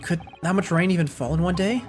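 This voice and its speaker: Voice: mid-range voice, fast talker, soft background music, close to an everyday voice. A streamer reading a hesitant, apologetic young male defense lawyer in a game.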